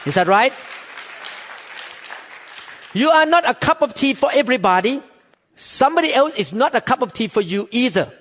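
A man with a fairly high voice preaching in accented, non-native English, pressing each point again and again and calling out for amens. His words ring out with a long, trailing reverb, and the sound is somewhat dull and muffled. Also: animated, moderate pace, long pauses, fairly bright tone, a faint crowd, a little hiss or hum. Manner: emphatic, repetitive, calls for "Amen?". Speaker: pastor. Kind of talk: sermon.

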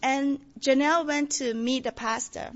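A woman giving a testimony, telling her story with animated quotes. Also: high voice, moderate pace, muffled recording. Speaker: church member giving testimony.

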